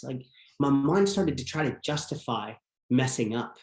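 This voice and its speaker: A man's voice: medium pitch, expressive, a little slow. A man as a podcast guest, telling a personal story in an earnest, reflective way. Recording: roomy echo.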